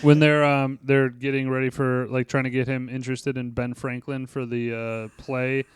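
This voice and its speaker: Podcast guy w a smooth clear voice, dry mic, keeps doing quotes from the movie. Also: mid-range voice, moderate pace, no room sound. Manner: animated, acts out movie quotes. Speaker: podcast co-host. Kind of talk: casual movie review chat.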